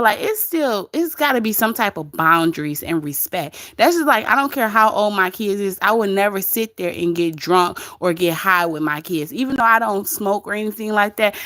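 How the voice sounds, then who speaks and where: A woman's voice: mid-range voice, fairly bright tone, dry recording, studio quality. A woman hosting a casual livestream, chatting gossip, reading viewer comments aloud and laughing often. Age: adult with grown kids. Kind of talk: casual live-stream gossip chat.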